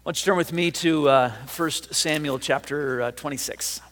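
A man preaching a sermon as pastor, talking in a relaxed, conversational way with frequent fillers and restarts. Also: on the high side, normal speed, long reverb tail.

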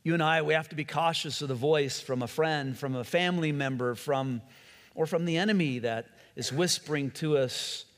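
A man's voice: on the high side, normal speed, long reverb tail. A man preaching a sermon in a conversational way, acting out quotes and often restarting his sentences. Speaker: pastor.

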